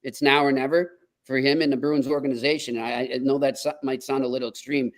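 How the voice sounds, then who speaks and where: A man co-hosting a hockey podcast, chatting casually and reading sponsor ads in an upbeat, quick manner. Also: mid-range voice, little pitch movement. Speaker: podcast co-host.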